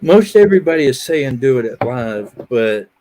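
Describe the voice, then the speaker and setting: A man in his fifties hosting a live stream. He chats casually and easygoing, and he laughs his way through animated stories. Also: medium pitch, moderate pace, slight background noise. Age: 50s. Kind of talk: casual chat.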